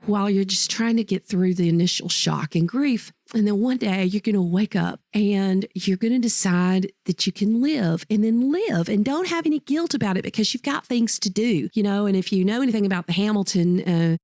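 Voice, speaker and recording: A woman's voice: medium pitch, moderate pace, few pauses, darkish tone, no room sound, clean studio sound. A woman teacher and podcast host telling personal stories in a heartfelt, rambling way, often correcting herself mid-sentence. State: choked up. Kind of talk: personal storytelling.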